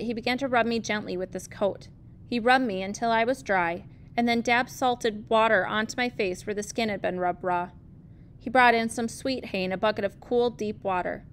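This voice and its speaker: A woman, a teacher, reading a novel aloud in a measured, gentle storytelling manner. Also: mid-range voice, slight background noise.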